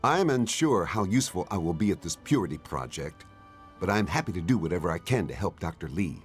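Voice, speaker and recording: An earnest game sidekick, low voice with lively intonation, formal phrasing, faint music behind. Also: male voice, fairly quick. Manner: formal, earnest, slightly stilted. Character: loyal male helper, earnest, handy with machines. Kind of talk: video game dialogue.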